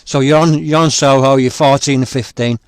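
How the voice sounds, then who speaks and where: A man interviewing a guest, speaking haltingly with many restarts. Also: medium pitch, fairly even intonation, smooth, no room sound, studio quality. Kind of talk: conversational interview.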